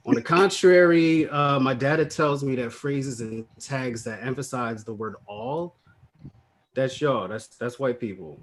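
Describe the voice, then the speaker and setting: A man's voice: mid-range voice, a little slow. Comedian, male, slangy conversational stand-up delivery, video call audio, faint hiss underneath.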